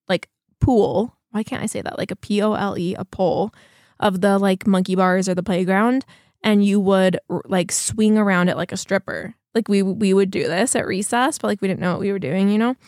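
A woman's voice: medium pitch, darkish tone, no room sound, clean studio sound. A woman, chatting casually and rambling to her viewers, with lots of "like" fillers. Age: 30s. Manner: chatty, rambling, heavy use of "like". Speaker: vlogger.

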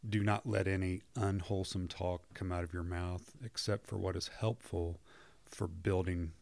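A man who works as a marriage counselor, talking earnestly in a relaxed conversation and often murmuring agreement. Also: low-pitched, normal speed, gravelly, no room sound. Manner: earnest, affirming, many back-channel hums. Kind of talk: conversational podcast discussion.

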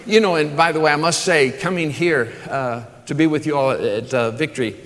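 A man preaching a sermon to a church congregation, enthusiastic and fond of restarting his phrases with "uh," and warmly addressing people in the room and those watching online. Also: on the high side, moderate pace. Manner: enthusiastic, repeats words and restarts with frequent uh; warm asides to the congregation and online viewers. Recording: long hall reverb.

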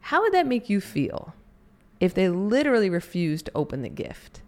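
A woman's voice: mid-range voice, wildly swooping pitch, normal speed, darkish tone. A woman hosting a podcast, giving an earnest, encouraging motivational talk and now and then acting out little quoted scenes. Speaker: podcast host and coach. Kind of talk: motivational monologue.

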